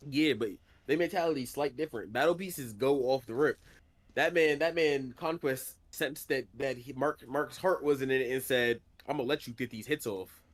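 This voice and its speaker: A man co-hosting a podcast in casual chat, relaxed and slangy, laughing as he argues. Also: medium pitch, moderate pace. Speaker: podcast co-host.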